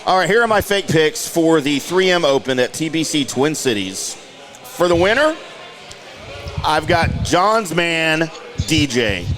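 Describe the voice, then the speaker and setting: A man with a slightly high voice hosts a relaxed podcast, and his pitch rises and falls a lot as he jokes. He keeps the banter light and playful with his co-hosts. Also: unhurried. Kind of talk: casual chat.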